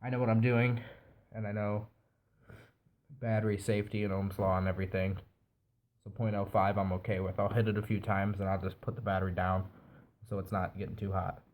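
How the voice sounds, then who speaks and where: A man's voice: on the low side, a little fast, pauses often, narrow, tinny audio. A man with a nasal, stuffy voice from a cold, casually reviewing a device while he assembles it. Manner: relaxed, explains while assembling. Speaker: product reviewer.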